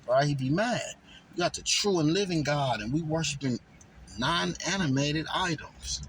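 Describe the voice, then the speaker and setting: A man reading scripture aloud and then riffing on it in casual, slangy, animated commentary. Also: medium pitch, a little hiss or hum, low-quality recording. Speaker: bible study vlogger.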